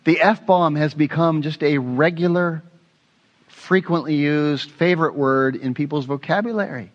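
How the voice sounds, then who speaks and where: A male pastor preaching a sermon with expressive delivery, asking the congregation questions and dropping into hushed, prayerful asides. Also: a little high, measured pace, highs cut off.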